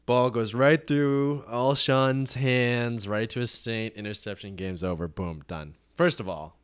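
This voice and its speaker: The speaker, a sports podcast co-host, has a medium-pitched, clear and resonant voice and talks a little slowly. In the casual chat he goes on profane rants and plays out pretend conversations.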